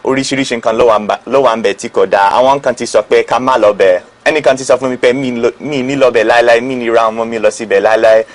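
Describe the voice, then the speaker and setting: A man's voice: medium pitch, fairly even intonation, racing, few pauses. A man in an interview clip, speaking carefully in a language he learned as a visitor.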